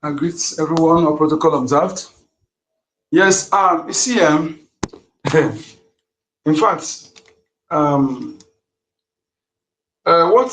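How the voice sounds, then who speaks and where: Vehement high-voiced man. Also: roomy sound, rough recording. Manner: emphatic, repetitive, accusatory. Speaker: participant in an online audio forum. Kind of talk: heated live call-in speech.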